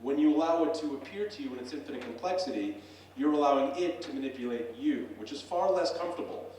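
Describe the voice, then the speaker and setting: A man's voice: a little high, animated, fast, a little mellow, a little hiss or hum. A middle-aged man, a professor, gives an earnest, conversational public talk from a stage with frequent fillers. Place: stage in a hall. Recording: echoey hall, voice from a distance.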